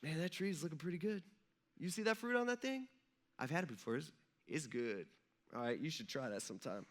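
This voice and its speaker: A man voicing a sly, laid-back male tempter who coaxes in a hushed, slangy way. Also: on the high side, lively intonation, a little fast. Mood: coaxing.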